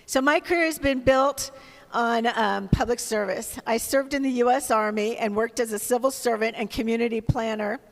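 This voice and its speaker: A woman's voice: fairly high pitch, moderate pace, creaky. Earnest middle-aged woman in an echoing hall. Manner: earnest, a bit emotional, with um fillers. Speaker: debate candidate. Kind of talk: prepared debate statement. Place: winery event space with audience. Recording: long hall reverb on a live event mic.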